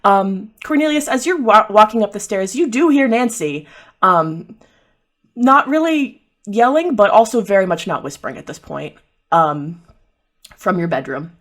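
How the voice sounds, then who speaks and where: Chatty woman game master with a lively voice. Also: mid-range voice, normal speed. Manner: chatty, many fillers. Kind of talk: narrating a tabletop game.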